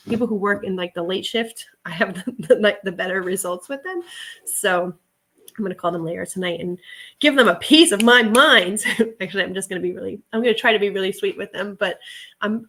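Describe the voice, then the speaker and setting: A middle-aged woman hosting a casual reseller livestream, ranting in a chatty, animated way and acting out her exchanges with others. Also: mid-range voice. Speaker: online reseller livestream host.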